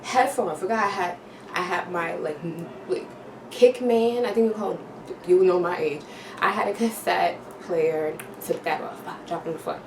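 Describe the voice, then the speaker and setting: A woman's voice: lowish voice, moderate pace. A woman vlogger telling a storytime tale, full of slang and sound effects. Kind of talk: storytime vlog. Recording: roomy, distant, noisy home recording.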